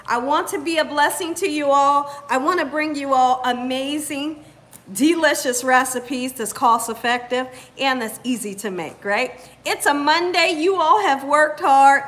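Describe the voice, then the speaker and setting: A woman hosts a live cooking stream, her voice high and bright. She talks in a lively, upbeat way, calling out viewers by name as they arrive. She sounds relaxed and chatty. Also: measured pace. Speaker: cooking channel host. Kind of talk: livestream chat greeting viewers.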